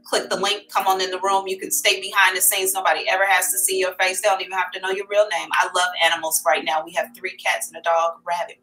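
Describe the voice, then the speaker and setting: A woman's voice: lowish voice, level tone, fast talker, few pauses, pushed and bright, rough recording. A middle-aged woman hosting a psychic livestream, chatting candidly and calling her viewers y'all. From America. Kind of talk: casual livestream chat.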